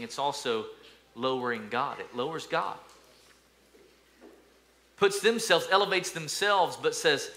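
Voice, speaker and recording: Animated preacher man with a bright voice. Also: mid-range voice. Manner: animated preaching, sings snippets, voices quoted attitudes. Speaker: pastor. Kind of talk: sermon.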